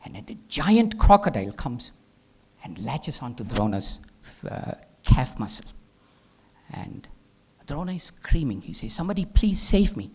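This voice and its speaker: A man giving a spiritual talk as a teacher, telling a legend as an animated storyteller who drops into hushed whispers. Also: mid-range voice, a little slow, husky. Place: live talk venue.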